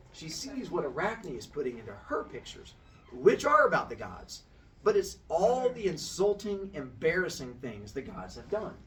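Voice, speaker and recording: A man retelling a story in a casual, animated way, acting out the voices and sound effects as he goes. His voice is bright and swoops a lot, and a bit on the high side. It sounds a little distant from the mic. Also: slight background noise.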